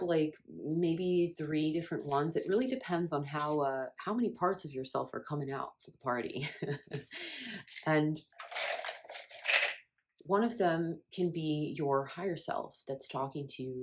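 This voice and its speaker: Low-voiced woman giving earnest coaching. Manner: earnest, repeats phrases for emphasis. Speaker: self-help coach. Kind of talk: casual spiritual coaching talk.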